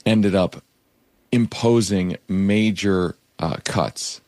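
Deep-voiced guy guest, explaining stuff, dry close sound. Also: very slow, a little mellow, no echo. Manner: explanatory, with fillers. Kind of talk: interview answers.

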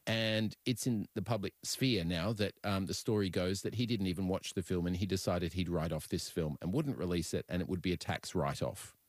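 A man with a very deep voice interviews a filmmaker, probing and slightly amused as he presses his questions. The sound is dry and close. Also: fairly quick, few pauses, dry recording.

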